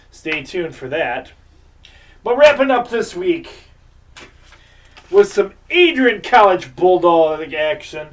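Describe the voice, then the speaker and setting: Man, sports show host, higher voice, unhurried, rambling game predictions. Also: far from the mic. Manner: rambling, folksy game picks. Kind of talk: casual sports preview commentary.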